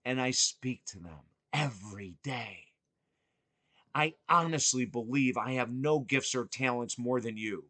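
Man, earnest storyteller, bright voice, dry close sound. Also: mid-range voice, measured pace, dry recording. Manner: earnest, emphatic, swings from excited to hushed. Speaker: podcast host. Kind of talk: personal storytelling.

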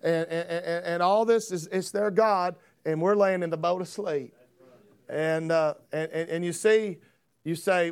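Fervent high-voiced preacher man. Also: fairly even intonation, moderate pace, clear, resonant tone. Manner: folksy, rising to fervent preaching. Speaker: pastor. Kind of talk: sermon.

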